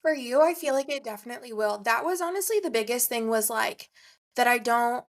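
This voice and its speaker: A woman's voice: fairly high pitch, lively intonation, a little fast. A woman co-hosting a podcast, telling a story in casual chat and laughing often. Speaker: podcast co-host.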